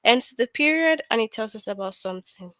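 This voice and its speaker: A woman's voice: on the high side, animated, brisk, fairly bright tone, dry recording. A woman teaching a grammar lesson to young children, patient and questioning, often asking a question and then answering it herself.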